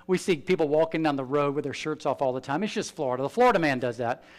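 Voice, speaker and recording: A man preaching a sermon as pastor, animated, swinging between loud emphasis and hushed asides. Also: fairly high pitch, quick pace.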